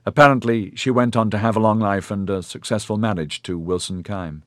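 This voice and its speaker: A man voicing a patient, formal male clinic official who explains things in a measured, polite way with hesitant fillers. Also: on the low side, fairly even intonation, a bit bright, no echo, clean studio sound, close to an everyday voice. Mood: explaining.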